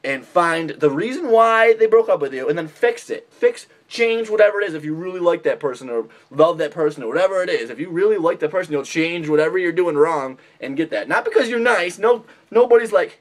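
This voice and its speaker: A man's voice: high-pitched, animated, brisk, hardly any pauses. A young man ranting bluntly and profanely in a comedic vlog, mocking other people with put-on impressions. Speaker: vlogger giving dating advice.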